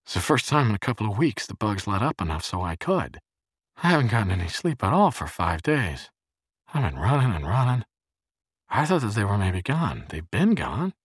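A man voicing a frantic, paranoid adult man who has gone days without sleep, yelling and rambling in a strained voice. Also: very animated, moderate pace, slightly rough, dry recording, studio quality. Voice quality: strained, shouting high voice.

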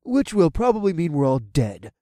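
A man's voice: on the high side, sing-song, normal speed, mellow, no echo, studio quality, pitched above the performer's own voice. Man voicing a weaselly, sneering Carl. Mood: defensive. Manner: grudging, sneering.

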